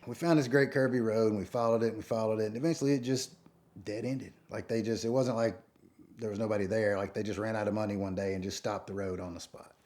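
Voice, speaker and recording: A man telling a rambling story in a casual, animated way, acting out quotes and sounds. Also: lowish voice, fast. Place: rural North Georgia home.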